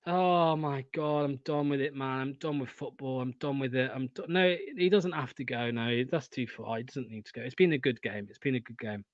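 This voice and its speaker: Swearing football fan on a dull mic. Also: male voice, medium pitch, brisk, hardly any pauses, no room sound. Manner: swears a lot, swings from excited shouting to deflated muttering. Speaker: fan watchalong host. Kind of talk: live football watchalong commentary.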